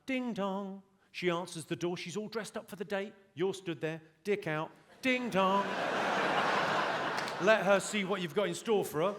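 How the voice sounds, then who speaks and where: High-voiced comedian onstage. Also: male voice, fairly even intonation, unhurried, slight background noise. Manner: dry, mock-stern lecturing of an audience member. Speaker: stand-up comedian. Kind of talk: stand-up comedy set. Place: large theater stage. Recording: live show with loud crowd laughter.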